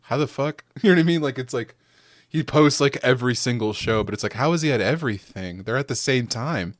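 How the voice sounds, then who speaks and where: A man's voice: mid-range voice, lively intonation, fairly quick, no room sound, clean studio sound. A man hosting a podcast in casual chat, rambling and swearing freely, with lots of "like". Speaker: podcast host.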